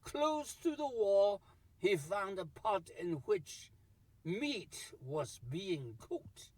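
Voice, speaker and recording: A man's voice: high-pitched, big pitch swings, drawn-out words, a little mellow, dry recording. A man narrating a classic tale in a theatrical storytelling style, speaking to his audience.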